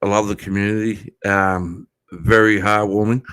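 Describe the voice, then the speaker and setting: A man with an Australian accent in casual chat, talking fast and swearing freely. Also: fairly low pitch, flat delivery, a bit bright, clean tone, no echo.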